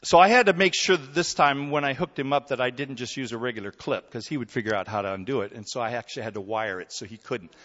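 A man preaching a sermon in a relaxed, conversational way, telling stories and often checking in with his listeners. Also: mid-range voice, fast talker, few pauses. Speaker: pastor. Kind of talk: sermon with storytelling. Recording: dull recording in a hall with long reverb.

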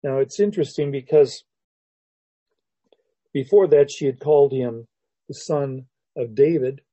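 A man preaching a sermon as a pastor, teaching verse by verse in an unhurried, reflective way with restarts and soft laughs. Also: medium pitch, dry recording.

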